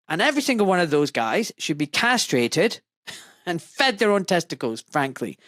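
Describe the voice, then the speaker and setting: A man from Scotland who is a doctor, hosting a podcast in a blunt, animated way, full of asides and quoted voices. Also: fairly high pitch, fairly quick, no echo. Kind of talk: casual opinionated podcast talk.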